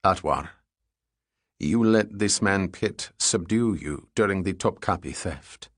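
A man voicing a slow, icy crime boss. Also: low-pitched, a bit bright, slightly rough, no room sound, studio quality, heavily acted. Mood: low, threatening. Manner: slow, deliberate, icy menace. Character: cold menacing male crime boss, ruthless executioner. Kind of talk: audiobook character voice.

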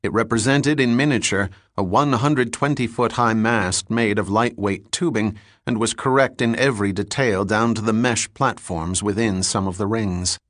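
Low-voiced male audiobook narrator. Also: dry recording, studio quality. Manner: measured, even reading with terse character dialogue. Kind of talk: scripted narration.

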